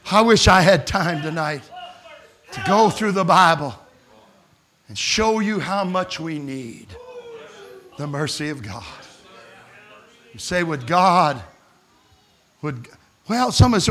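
A man preaching a revival sermon at a camp meeting, swinging from hushed pleading to shouted exclamations. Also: a little high, expressive, takes it slowly, pauses often.

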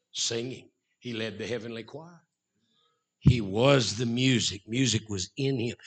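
A middle-aged man preaches a Baptist sermon, veering from shouted emphasis to low, murmured asides.

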